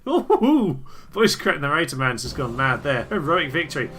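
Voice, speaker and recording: A man giving excitable, theatrical commentary on a strategy game he is playing, often laughing and cheering. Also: mid-range voice, fairly quick, soft background music. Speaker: let's play host. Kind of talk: gameplay commentary.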